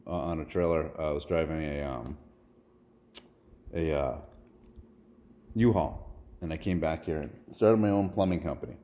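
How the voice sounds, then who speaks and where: Low, dark-toned man in his forties, earnest and rambling, preaches when quoting scripture. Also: normal speed, long pauses. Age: 40s. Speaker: vlogger. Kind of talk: personal storytelling monologue.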